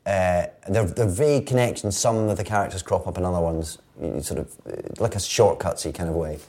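A man's voice: low voice, fairly quick, mellow. A man from Scotland, an actor guest on a talk show, wry and amused, with hesitant fillers. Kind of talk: interview chat.

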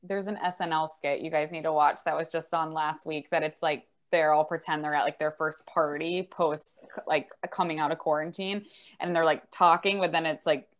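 A woman's voice: low-pitched, fairly even intonation, normal speed. A woman hosting a podcast, asking long rambling questions full of fillers. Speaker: podcast host. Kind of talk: casual interview chat.

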